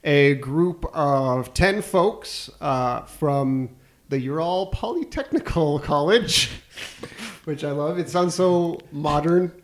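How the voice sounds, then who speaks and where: A man co-hosting a comedy podcast who leads the history story. His voice sits a little high, and he rambles and cracks jokes, often laughing between sentences. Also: slow pace. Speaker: podcast co-host, history presenter.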